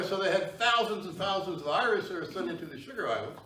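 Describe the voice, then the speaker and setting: A man's voice: sits high, expressive, fast talker, hardly any pauses, bright, forceful tone, distant mic. Man lecturing in an echoey hall. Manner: conversational, asks the audience questions. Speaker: history lecturer. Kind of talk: public history talk. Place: meeting hall with audience. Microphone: far tripod camera.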